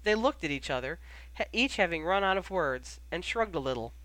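An audiobook reader giving an even, measured narration of a story. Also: mid-range voice, no echo. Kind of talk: fan fiction audiobook narration.

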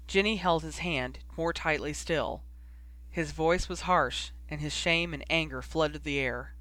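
A man's voice: on the high side, a little slow, sharp tone, no echo. A man reading a fan fiction story aloud as an audiobook, narrating and voicing the dialogue lightly. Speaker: audiobook reader.

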